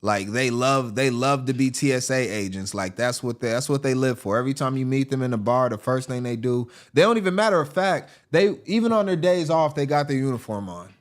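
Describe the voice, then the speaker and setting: A man hosting a show, giving casual, joking commentary over video clips in an animated way and often laughing. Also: mid-range voice, brisk, hardly any pauses. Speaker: host.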